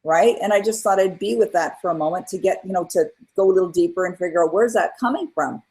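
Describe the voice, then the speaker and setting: Earnest middle-aged woman, husky voice. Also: on the low side, quick pace, low-quality recording. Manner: earnest, animated retelling with acted-out quotes. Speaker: guest, author and coach. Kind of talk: candid interview storytelling.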